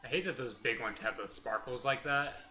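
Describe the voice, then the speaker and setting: A man talking his way through a video game in a relaxed, chatty running commentary. His pitch sits in an ordinary middle range. Game music plays clearly under his voice. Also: fairly quick. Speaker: gaming channel host. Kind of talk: casual let's-play commentary.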